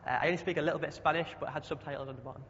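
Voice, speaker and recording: A man's voice: on the high side, steady tone, rapid-fire, a bit bright. A young man preaching a chatty sermon, often asking the congregation questions. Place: church hall. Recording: dull sound with long hall echo.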